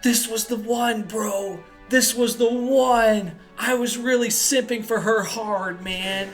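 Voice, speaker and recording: A man's voice: sits high, fairly even intonation, slow, faint music behind, pitched above the performer's own voice. A man voicing a lovesick young male ruler who talks like a laid-back bro, improvised at a tabletop game. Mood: heartbroken. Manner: slangy, dude-bro delivery. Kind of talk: improvised tabletop role-play.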